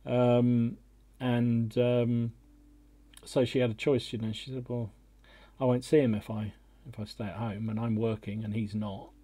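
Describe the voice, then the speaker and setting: Middle-aged man, podcast host, husky and mellow, dry close sound over a video call, rambling chat. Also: medium pitch, level tone, a little slow, no room sound. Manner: rambling, self-deprecating, restarts often. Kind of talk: casual chat.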